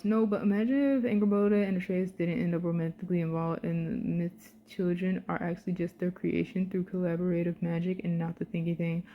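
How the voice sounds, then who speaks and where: Young female vlogger, excitable fan chatter, swears a lot, lots of slang. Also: mid-range voice. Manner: excitable and animated, swears freely, uses slang. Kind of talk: casual fan commentary.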